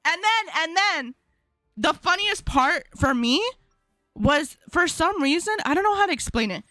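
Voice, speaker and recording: A woman's voice: very high voice, expressive, a little slow, bright, forceful tone, no room sound, faint music behind. Slangy young woman streamer, rambling. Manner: rambling, slangy storytelling that breaks into laughter. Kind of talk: casual live-stream chat while gaming.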